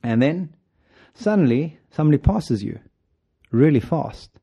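A man's voice: fairly high pitch, lively intonation, measured pace, creaky, slightly rough, highs cut off. A man hosting a running podcast in a casual monologue, playful and joking, often chuckling as he tells stories. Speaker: podcast host and running coach.

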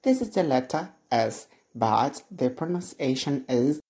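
A woman giving a podcast pronunciation lesson, modelling each sound slowly and deliberately and gently correcting common mistakes. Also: very deep voice, expressive, vocal fry. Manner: slow, deliberate, models sounds by repeating them. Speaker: pronunciation teacher.

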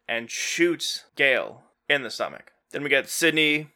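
Man, podcast host, bright tone, smooth clear voice, casual plot recap. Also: mid-range voice, expressive. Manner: retells scenes quickly, quoting characters in a loose offhand way.

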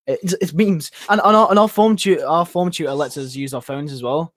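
A man's voice: medium pitch, no room sound. A young man with a Northern English accent, filling in as podcast host, talking in a laid-back, rambling, slangy way. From Northern England. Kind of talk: casual chat.

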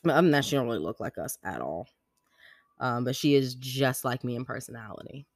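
Chatty young mom telling stories. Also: female voice, very deep voice, lively intonation, a little fast, no room sound, clean studio sound. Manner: chatty storytelling, slangy, lots of "like". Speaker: podcast host. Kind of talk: casual chat.

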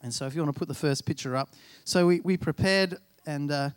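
High-voiced pastor telling stories. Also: male voice, a little fast, smooth, no echo. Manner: chatty, self-deprecating, acts out dialogue. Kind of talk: sermon with personal storytelling.

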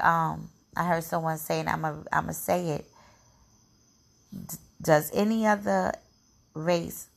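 A young adult woman with a gravelly voice, speaking in an emotional personal monologue to camera, repeating phrases and sometimes dropping to a whisper. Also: fairly low pitch. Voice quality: gravelly, heavy vocal fry.

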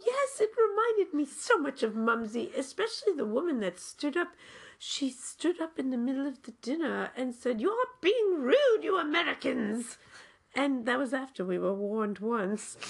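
A woman improvising a comedy chat in character, telling stories in an excitable, theatrical way with sudden squeals. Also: high voice. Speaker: comic co-host in character.

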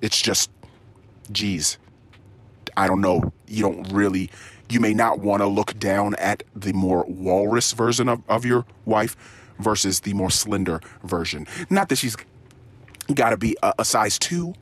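A man's voice: fairly low pitch, a little slow, slightly rough. A man rambling through a spoken diary in a crude, profane, ranting way. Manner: animated, swings into mock-excited tones. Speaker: diary podcast host.

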